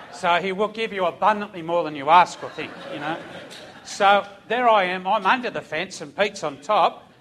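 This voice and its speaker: A man's voice: high-pitched, a bit bright. A man, a former police officer turned preacher, telling a vivid, emotional testimony in a sermon. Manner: vivid storyteller, voice rising and falling with emotion.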